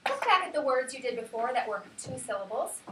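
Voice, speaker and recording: A woman's voice: high voice, animated, a little fast, noisy background. A woman teaching a class, sometimes calling words out in a sing-song way to show syllable stress. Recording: echoey classroom, mic far off.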